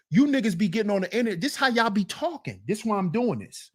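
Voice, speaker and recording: Talking quickly and with few pauses, this woman has a mid-range, very animated voice. As host of a reaction commentary channel, she scolds and mocks viewers, repeats lines to drive points home, and imitates the men she criticizes in mocking voices.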